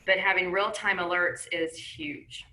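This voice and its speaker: A woman's voice: lowish voice, measured pace, sharp tone, low-quality recording. A woman on a panel discussion, explaining her point conversationally with everyday examples.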